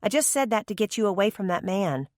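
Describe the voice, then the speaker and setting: A woman's voice: mid-range voice, animated, fast, no echo, clean studio sound, voice pushed up, lightly acted. A woman voicing a suspicious, blunt grown daughter in an audiobook. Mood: irritated. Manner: sharp, insistent.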